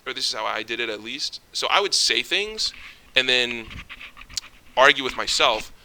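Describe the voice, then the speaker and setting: Jittery young man with a very bright voice. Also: medium pitch, animated, normal speed, slight background noise. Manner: jittery, stumbles over words; swears often, rambling restarts. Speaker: vlogger. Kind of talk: casual ranting monologue.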